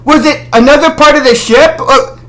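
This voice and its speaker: A film critic vlogger rants casually in a high-pitched, fairly bright voice at a normal pace. Sarcastic and exasperated, he fires off rhetorical questions, keeps voicing disbelief, and scolds the director directly.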